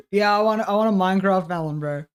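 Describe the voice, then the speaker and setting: High-voiced man joking around. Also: smooth. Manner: joking, swears a lot. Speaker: streamer guest. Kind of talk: casual chat on a stream.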